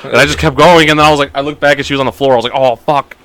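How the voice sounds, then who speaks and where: A man's voice: medium pitch, steady tone, very fast, fairly bright tone, dry recording. A young man hosting a podcast, telling stories in casual chat, swearing freely and laughing often. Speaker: podcast host.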